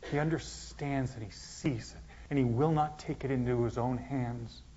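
Preaching man, loud to whispered. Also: medium pitch, steady tone, moderate pace, slight background noise. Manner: dramatic swings from loud emphasis to near-whisper. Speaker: pastor. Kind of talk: sermon. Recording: dull, lo-fi sound.

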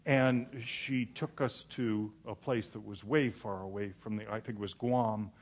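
A male pastor preaching a sermon, telling a funny story in an animated way, full of stammers and restarts, and poking fun at himself. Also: lowish voice, measured pace.

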